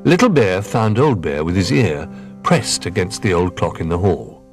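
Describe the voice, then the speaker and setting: A man reading a children's storybook aloud in an expressive, gentle manner. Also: low-pitched, moderate pace, soft background music.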